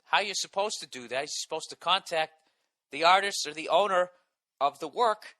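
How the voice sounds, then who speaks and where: A man's voice: on the high side, moderate pace, pushed and bright. A man hosting a podcast, delivering an indignant, sarcastic monologue full of swearing. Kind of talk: profane ranting monologue.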